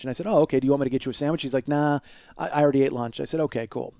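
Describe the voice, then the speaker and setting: A man's voice: mid-range voice, very fast, warm tone, dry recording. A man telling a long comic story about himself, rambling, self-mocking and profane. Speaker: comedy podcast host. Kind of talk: solo comedic storytelling.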